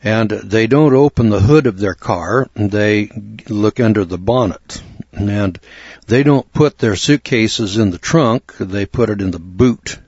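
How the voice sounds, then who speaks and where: American man, low voice, measured Bible teacher, dull dry recording. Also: darkish tone, no room sound. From United States. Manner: measured, deliberate, with occasional throat clearing. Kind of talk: explanatory Bible lecture.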